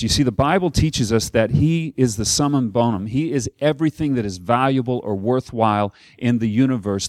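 A man's voice: medium pitch, darkish tone, no echo, clean studio sound. A man preaching a sermon as a campus minister, telling a story and putting questions to the audience.

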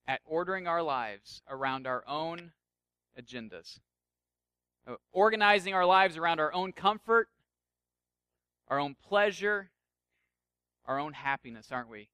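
A man preaching a sermon in a high, bright voice. He talks casually and jokes with the room, then drops soft and intense. The sound is dry and close. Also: no room sound. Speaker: pastor.

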